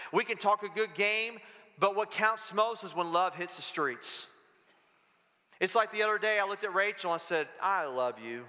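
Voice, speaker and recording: A man preaching a sermon as pastor, telling stories with humor and lively delivery. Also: sits high, big-room sound. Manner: animated storytelling with humor. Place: church sanctuary.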